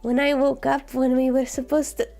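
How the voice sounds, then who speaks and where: High-voiced woman, kinda sick with a scratchy throat, slow soft cozy stream chat, faint music behind. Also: flat delivery, vocal fry. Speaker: vtuber streamer. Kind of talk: casual chat.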